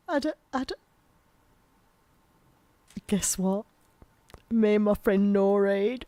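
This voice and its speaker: A woman's voice: mid-range voice, animated, normal speed, darkish tone, no room sound. A woman, hosting a local radio show in a gushing, chatty, rambling way. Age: 50s. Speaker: radio presenter. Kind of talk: casual local radio chat. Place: small radio studio. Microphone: studio microphone.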